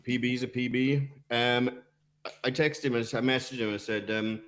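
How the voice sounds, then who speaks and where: A man hosts a podcast in a loose, joking chat, dropping the odd swear word. His voice sits at an ordinary middle pitch. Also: steady tone, a little slow, fairly bright tone. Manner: banter with swearing and laughs. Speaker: podcast host. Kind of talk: casual chat.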